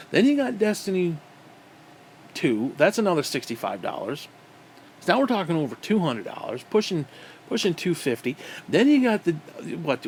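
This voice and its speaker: A man delivering an angry, profane rant as a gaming vlogger, with loud outbursts. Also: fairly high pitch, a little hiss or hum. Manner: profane and aggressive.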